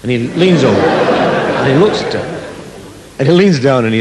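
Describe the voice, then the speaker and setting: A man's voice: medium pitch, lively intonation, normal speed, pauses often, heavy background noise. A man doing stand-up comedy on a theatre stage, rambling through a story and laughing at his own jokes.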